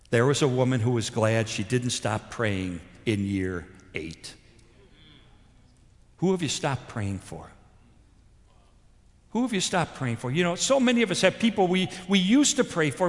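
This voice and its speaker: Man, pastor, sermon, storytelling, lively swings from loud to soft, long hall reverb. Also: sits high. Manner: animated, shifts between loud emphasis and soft intensity.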